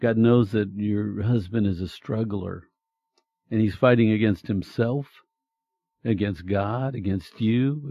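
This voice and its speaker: Slow, gravelly-voiced man talking faith. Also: lowish voice, no room sound, muffled recording. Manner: slow, earnest, pastoral delivery. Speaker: Christian talk show co-host. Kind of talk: faith-based conversation.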